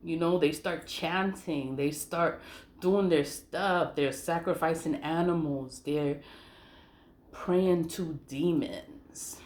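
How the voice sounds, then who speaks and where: A woman with a low voice tells her personal story in a loose, casual way. She is blunt and profane, laughs often, and says the important lines twice. The room around her gives a noticeable echo. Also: takes it slowly, a little mellow. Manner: emphatic repetition of key phrases. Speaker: vlogger telling a personal story.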